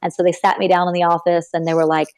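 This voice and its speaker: Animated young woman telling stories. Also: quick pace, clean tone. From Texas. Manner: animated, acts out quoted people with big pitch jumps. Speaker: podcast guest. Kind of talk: casual storytelling in an interview.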